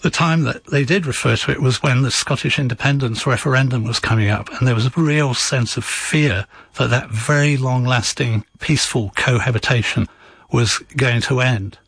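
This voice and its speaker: A man, an author guest on a radio interview, explaining history in a measured, storytelling way. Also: medium pitch, fairly bright tone, husky, no room sound. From England.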